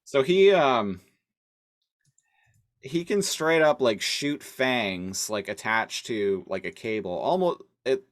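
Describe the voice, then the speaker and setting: A man's voice: medium pitch, expressive, slow. A man co-hosting a podcast, recapping a cartoon episode in loose casual chat full of "like" and "uh". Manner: loose, filler-heavy recap with frequent "like". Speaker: podcast co-host.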